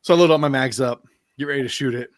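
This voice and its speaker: A male podcast host tells a meandering story in loose, casual conversation. He laughs easily and drops the occasional curse. His voice sits at an ordinary pitch, and the sound is dry and close with no room echo. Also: fast. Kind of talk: casual chat.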